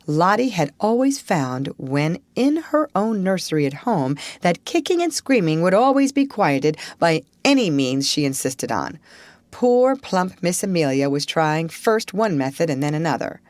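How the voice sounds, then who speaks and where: A woman narrating a children's classic in a low-pitched voice that moves freely up and down as she tells the story. The reading is expressive and storybook-like, recorded dry and close with no room sound. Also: a little slow, no echo. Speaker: audiobook reader.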